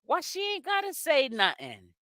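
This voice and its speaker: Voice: sits high, huge pitch swings, fairly bright tone, dry recording, studio quality. Sassy host with a Boston accent. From Boston, Massachusetts. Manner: sassy and chatty, with drawn-out exclamations. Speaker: host of a celebrity gossip channel. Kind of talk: live-stream commentary reading chat.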